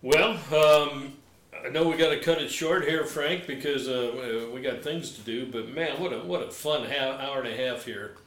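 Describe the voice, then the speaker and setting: A man's voice: mid-range voice, normal speed, a bit bright. A man hosting a casual interview, speaking with hesitant fillers as he wraps up. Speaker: interview host. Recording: roomy echo, faint background noise.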